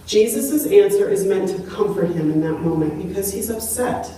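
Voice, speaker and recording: A woman's voice: mid-range voice, normal speed, hardly any pauses, dark tone, a little hiss or hum. A woman pastor preaches in an earnest, conversational way. Her voice comes from a distance, and it rings through a very echoey sanctuary. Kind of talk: sermon. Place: large church sanctuary.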